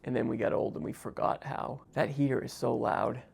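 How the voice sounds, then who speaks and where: Gravelly sarcastic man chatting while drawing. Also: medium pitch, steady tone, a little fast. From United States. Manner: sarcastic, jokey, talks to himself. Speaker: visual artist. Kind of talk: stream-of-consciousness drawing vlog.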